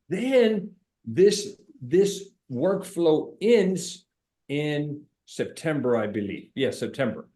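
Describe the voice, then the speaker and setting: A middle-aged man who owns an insurance agency, giving a casual sales training talk in an emphatic, animated way and repeating points for stress. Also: on the high side, slow pace.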